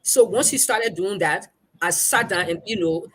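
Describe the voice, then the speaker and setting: A woman's voice: medium pitch, moderate pace, slight background noise. A woman journalist with a Liberian English accent, telling a story in conversation and acting out the quoted voices. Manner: animated, acts out quoted speech. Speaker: journalist guest.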